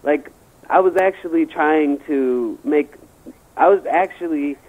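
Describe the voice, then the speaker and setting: Frank, stammering male guest, slightly high voice, phoned in. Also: unhurried, slightly rough. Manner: rambling, stammering, crude and frank. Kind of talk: casual storytelling chat. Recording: tinny phone line.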